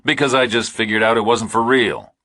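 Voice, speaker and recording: A man's voice: medium pitch, fairly even intonation, a little fast, pushed and bright, no room sound, clean studio sound, voice pushed up. A man playing a blunt, terse lone hero. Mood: firm. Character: blunt, steady ex-military drifter hero.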